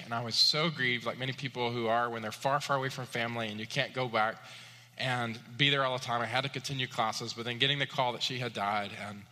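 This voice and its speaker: Man in his thirties, sermon delivery, emphatic high peaks, reverberant hall sound. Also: sharp tone. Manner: rising to emphatic high-pitched peaks on key points; personal storytelling with frequent fillers. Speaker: pastor.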